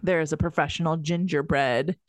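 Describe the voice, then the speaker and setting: A woman's voice: deep voice, steady tone, fairly quick, no room sound. A woman from Iowa in her thirties, a podcast co-host talking casually and laughing often. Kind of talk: casual chat.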